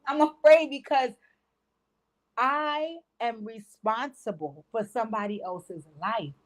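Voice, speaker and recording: A woman's voice: a little high, slow pace. A woman in her forties hosting a casual livestream chat, telling stories with lots of profanity and acted-out quotes. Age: 40s. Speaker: livestream gossip host.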